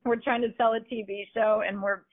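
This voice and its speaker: Joking, chatty guest on a tinny line. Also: female voice, a little high, level tone, fairly quick, dry recording. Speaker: podcast guest, business owner. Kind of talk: casual interview. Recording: tinny phone-like sound.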